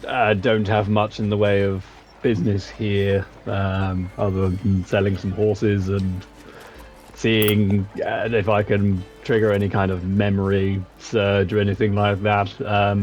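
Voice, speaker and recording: A man's voice: lowish voice, a little slow, darkish tone, muffled recording, soft background music. A man, chatting as a player in a tabletop game, meandering and hesitant. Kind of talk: casual chat playing a tabletop game.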